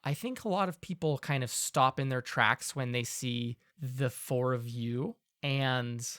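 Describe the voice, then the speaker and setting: A man narrating a tabletop game as game master in a measured, descriptive way. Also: medium pitch, fairly bright tone, no echo, studio quality.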